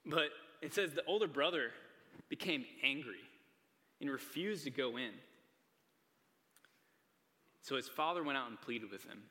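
Speaking at a medium pitch in a bright, forceful voice, a young male preacher gives a sermon to a live crowd in a church hall. His manner is casual and earnest, full of "like" and "right?" asides as he keeps checking in with listeners. A long reverb from the hall trails after his words.

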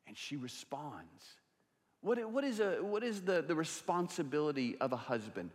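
A man preaching a sermon as pastor, swinging between loud passionate stretches and hushed, quiet ones. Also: a little high, very animated, moderate pace, slightly rough. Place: church sanctuary. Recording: long reverb of a large hall.

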